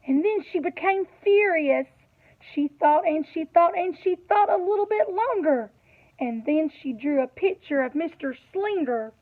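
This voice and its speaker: A woman reads a picture book aloud to young children, in a slow and animated way with a fairly high voice. She stops often to ask her listeners questions. The sound is tinny and narrow, like a phone line. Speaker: storyteller reading to children.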